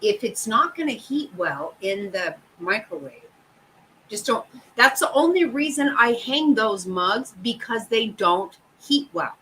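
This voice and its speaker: Bright-voiced woman ranting. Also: a little high, a little hiss or hum, poor audio. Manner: profane, exasperated, laughing often. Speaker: host. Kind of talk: casual chat.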